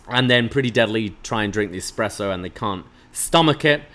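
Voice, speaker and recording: A man's voice: on the low side, fairly quick, fairly bright tone. A man co-hosting a podcast, recapping a wrestling show in casual chat with joking asides and frequent laughter. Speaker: podcast co-host.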